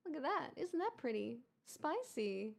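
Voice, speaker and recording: Aussie lady streamer, kinda high voice, chatty, lots of thank yous and wry jokes. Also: very animated, unhurried, vocal fry. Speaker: livestream host. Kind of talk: casual livestream chat.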